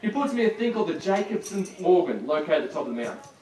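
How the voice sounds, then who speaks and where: A man's voice: high voice, very animated, quick pace, darkish tone. Joking reptile showman. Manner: joking, teasing, chatty. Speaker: reptile show presenter. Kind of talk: live show patter with audience. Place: large room with audience. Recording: echoey, distant, crowd noise.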